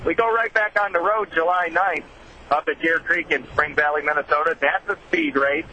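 A man calling in to a radio show from a racing series, giving a brisk, upbeat rundown of dates and events. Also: a little high, steady tone, sharp tone, slight background noise, poor audio. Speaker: caller, racing series official. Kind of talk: call-in update.

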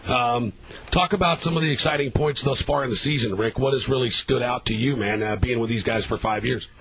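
A man's voice: medium pitch, a little fast, fairly bright tone, a little hiss or hum, rough recording. A man co-hosting a talk radio show, asking questions in a friendly, casual way. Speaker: radio co-host.

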